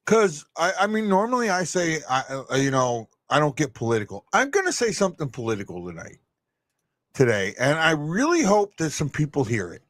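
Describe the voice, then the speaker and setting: Rambling, blunt man with a lively voice. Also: fairly high pitch, no echo. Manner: rambling, halting, with many restarts and swearing; blunt and opinionated. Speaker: live stream host. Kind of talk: casual live-stream chat.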